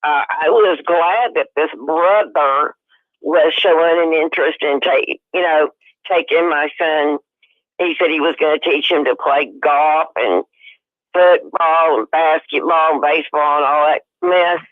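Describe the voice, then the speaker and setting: A woman caller telling a personal story over the phone, emphatic and growing loud and heated. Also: low-pitched, unhurried, no echo. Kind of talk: personal story on a call-in show. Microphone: telephone. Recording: tinny phone line.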